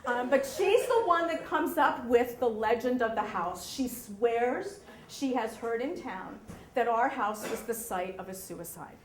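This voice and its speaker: A woman telling a true story live on stage, animated, often checking in with the audience. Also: a little high, unhurried, echoey room, slight background noise.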